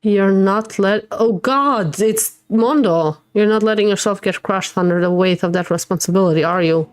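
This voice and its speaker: A young woman streams a game live, reading its dialogue aloud and reacting with open emotion between lines. Her voice sits at a middle pitch and stays natural and conversational. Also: moderate pace, dry recording.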